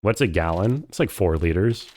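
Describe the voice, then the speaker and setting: A man's voice: low voice, animated, moderate pace, a little mellow. A man casually commenting while he plays a story game, chatty and wry and thinking aloud. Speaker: game streamer.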